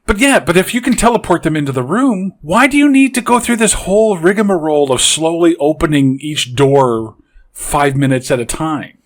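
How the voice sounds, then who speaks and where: A man's voice: a little high, lively intonation, moderate pace. A man from Canada co-hosting a movie podcast, questioning plot holes in casual, incredulous chat. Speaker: podcast co-host.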